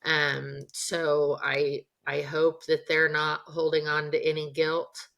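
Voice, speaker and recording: A woman's voice: low-pitched, monotone, slow pace, creaky, a bit bright, muffled recording. A middle-aged woman, a guest author in an interview, who speaks in a hesitant and reflective way.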